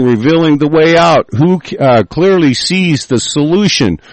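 A somewhat high-voiced man reads out a text in a halting way, full of fillers, then breaks into profane, furious tirades. The recording is dry and close, with no room sound. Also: no room sound, rough recording. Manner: profane, furious outbursts between halting reading; hesitant, many fillers while reading. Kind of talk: reading aloud with angry rants.

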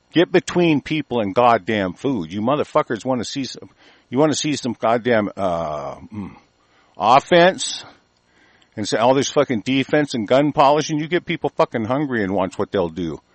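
Male host, mid-pitched, hostile and foul-mouthed, reads aloud haltingly, dry close sound. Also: sing-song, dry recording. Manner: aggressive, cursing, stumbles while reading aloud. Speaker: host of a commentary show. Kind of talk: angry profane news rant.

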